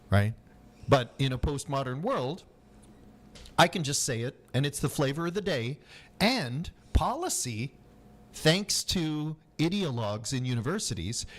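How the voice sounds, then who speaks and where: A man hosting a casual live stream, ranting and swearing heavily, sometimes mocking other voices. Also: mid-range voice. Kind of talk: heated casual debate.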